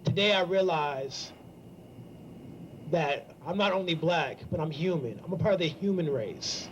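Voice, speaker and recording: A young man speaking to a campus gathering, earnest and halting, pausing often as he shares a personal reflection. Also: fairly high pitch, animated, slight background noise, rough recording. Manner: earnest, halting, with many ums and pauses. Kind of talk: heartfelt spoken reflection.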